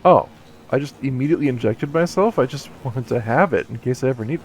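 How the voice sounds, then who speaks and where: A man's voice: medium pitch, quick pace, a little mellow. A male streamer with a mid-range voice plays through a game live and talks back at it in a jokey, playful way. His commentary moves between muttered asides and amused questions.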